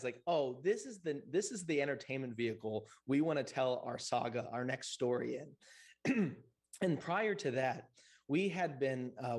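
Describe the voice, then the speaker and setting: A man speaking as a VR game developer on a convention panel, eager but halting, with many "uh"s. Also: mid-range voice. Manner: enthusiastic, halting, heavy with fillers.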